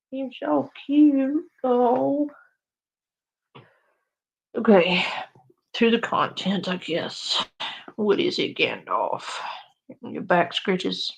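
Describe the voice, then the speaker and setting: Casting: unhurried woman streamer, loose and sweary, coos at her dog, dull lo-fi audio. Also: mid-range voice, animated, gravelly. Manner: chatty, swears casually, coos and baby-talks to her dog. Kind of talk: casual live-stream chat.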